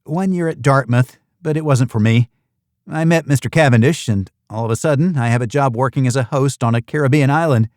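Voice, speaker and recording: A man's voice: medium pitch, brisk, a little mellow, no echo, clean studio sound, natural voice. A man voicing a polite young woman from the United States who works as a host at an island retreat, speaking courteously and eager to please.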